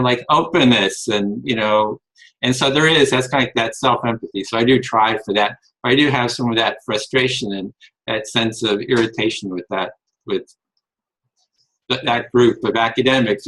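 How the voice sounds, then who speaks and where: Guy hosting a talk, bright edgy voice, rambles and restarts a lot. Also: mid-range voice, low-quality recording. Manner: rambling, restarts sentences, thinks aloud. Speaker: host of empathy discussion. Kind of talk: casual discussion.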